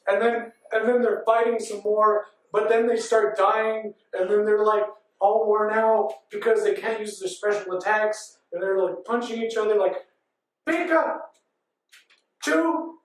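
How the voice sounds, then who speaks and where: A man in his thirties giving a rambling comic recap on a panel, breathless and run-on, chaining every beat with "and then". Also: sits high. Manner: breathless, run-on storytelling with frequent ands and laughs. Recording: echoey hall from far off.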